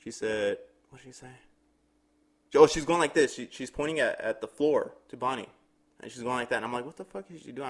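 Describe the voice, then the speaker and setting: A young man co-hosting a podcast, telling a long story in casual chat, acting out the people in it and swearing freely. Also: medium pitch. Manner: animated storyteller, acts out quotes, swears freely. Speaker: podcast co-host.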